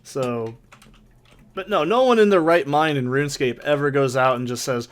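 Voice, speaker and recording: A man's voice: medium pitch, moderate pace. A man hosting a let's play, talking through his gameplay in a rambling, profane, mock-ranting way. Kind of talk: casual gameplay commentary. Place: soundproofed home corner. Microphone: desk condenser mic with pop filter.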